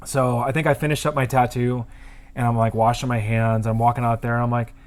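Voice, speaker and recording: A man's voice: medium pitch, brisk. A man, a tattoo artist, telling a story in casual chat and acting out the people in it. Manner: animated storyteller, acts out quotes.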